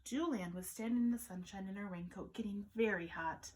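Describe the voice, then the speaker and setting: A woman, a children's caregiver, reading a picture book aloud to children in an animated, sing-song storytelling manner. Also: medium pitch, fairly quick, a little hiss or hum, rough recording.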